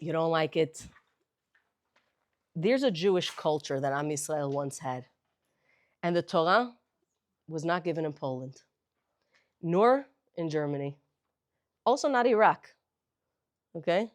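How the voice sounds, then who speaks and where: A woman teaching a lively class, animated and emphatic, moving between languages in a synagogue hall. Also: fairly low pitch.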